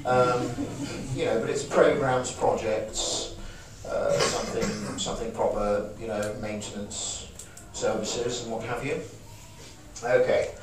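A man's voice: mid-range voice, lively intonation, a little slow. Chatty man in an echoey room. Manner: chatty, joking, acting out emotions for the audience. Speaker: speaker giving a talk. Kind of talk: informal talk to a live audience. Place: small event room. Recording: echoey room, voice from far off, audible noise.

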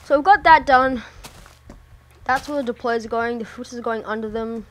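A woman's voice: a little high, normal speed, slight background noise. A woman giving casual let's-play commentary, muttering to herself and swearing often as she plays. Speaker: gameplay commentator.

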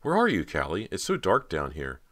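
A man voicing a nervous, emotional teenage girl, his voice lifting higher as she pleads. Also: wildly swooping pitch, fairly quick, fairly bright tone, full character voice. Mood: pleading. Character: anxious teenage girl, eager and yearning.

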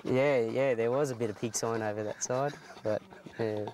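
A man with a mid-pitched voice guides a pig hunt and answers in short, laconic lines with dry humour. He is recorded outdoors with clear background noise. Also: fairly even intonation, moderate pace. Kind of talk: casual chat while hunting. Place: outdoors in the bush. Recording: noisy outdoor field recording.

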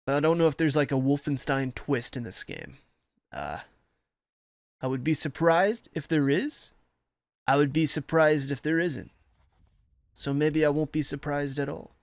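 A man's voice: fairly high pitch, a little slow, pauses often, no room sound. A man streaming a war game, chatting casually with rambling, self-mocking asides and reading the game's text aloud. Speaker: gameplay streamer.

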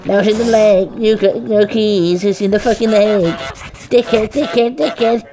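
A woman's voice: a little high, unhurried, warm tone. A woman giving let's play commentary, swearing and taunting the game's characters as she speaks as the goose herself. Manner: foul-mouthed, taunting, role-playing as the goose in first person. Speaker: gamer.

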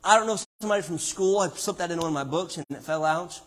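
A man's voice: on the high side, fast. Man preaching with big dynamic swings. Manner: dramatic swings from hushed to loud preaching. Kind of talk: sermon. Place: church sanctuary.

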